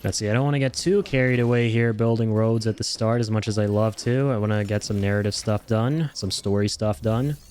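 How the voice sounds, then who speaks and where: A man streams a video game and chats casually as he plays. He jokes around and swears off-handedly. His voice is on the low side, with faint noise behind it. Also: steady tone, a little fast, hardly any pauses, a little mellow. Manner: playful, jokey, swears casually. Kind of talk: casual gameplay commentary.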